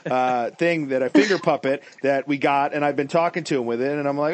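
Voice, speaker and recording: A man's voice: medium pitch, a little fast. A man hosting a podcast, joking and rambling through stories. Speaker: podcast host. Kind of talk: casual chat.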